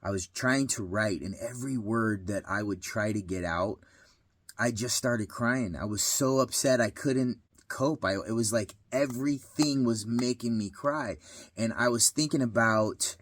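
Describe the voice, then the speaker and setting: A man's voice: medium pitch, normal speed, fairly bright tone, dry recording. Earnest man telling a personal story. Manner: earnest, heartfelt, repeats phrases for emphasis. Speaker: vlogger giving life advice. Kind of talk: personal story and advice monologue.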